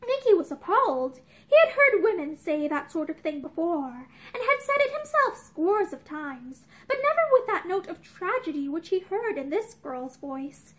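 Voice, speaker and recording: A young woman reads a novel aloud, paced and storybook-like with dramatic emphasis. Her voice sits very high and moves in a lively way, recorded indoors facing a camera. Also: moderate pace, hardly any pauses. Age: young adult. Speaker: narrator. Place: indoors, room with bookshelves.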